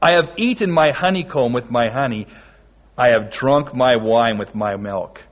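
A man preaching a sermon slowly and emphatically, with dramatic pauses. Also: medium pitch. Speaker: pastor. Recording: dull lo-fi sermon recording.

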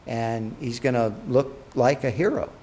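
Man retelling a Bible story in a sermon. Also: a little slow. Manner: animated, acts out quotes with rising and dropping pitch. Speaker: preacher.

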